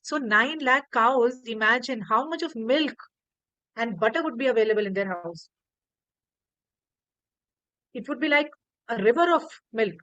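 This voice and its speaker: A woman with an Indian accent telling a devotional story to an online class over a video call, animated and often repeating words. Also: a little high, unhurried, pauses often, dry recording, lo-fi sound.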